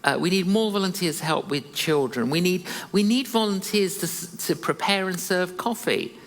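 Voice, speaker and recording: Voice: medium pitch, moderate pace, long reverb tail, close to an everyday voice. A preacher acting out a male church pastor who keeps begging for volunteers, with a pleading, repetitive delivery.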